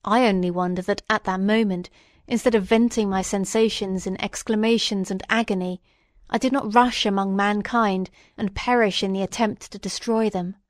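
A woman reading a classic novel aloud in a measured, solemn manner. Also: mid-range voice, fairly even intonation, no echo, studio quality. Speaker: audiobook reader.

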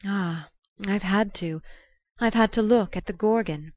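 A woman reading the lines of a composed, honest woman with a quiet voice in an audiobook, speaking simply and calmly. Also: medium pitch, unhurried, no echo, close to an everyday voice. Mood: wistful. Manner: calm, simple.

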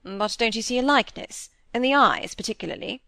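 A gallant bachelor gentleman of a period novel, as a woman narrator puts him on, polite yet pressing with his questions. The voice is dry and close, with no room around it. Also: a little high, a little fast, dry recording. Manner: courteous, probing. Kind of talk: audiobook character reading.

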